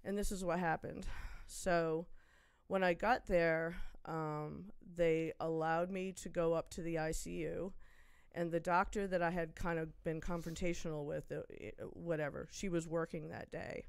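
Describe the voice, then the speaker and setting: A woman's voice: fairly low pitch, moderate pace, creaky, clear, resonant tone, dry recording. Woman telling a story in casual chat. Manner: animated, acts out quoted voices. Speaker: podcast guest.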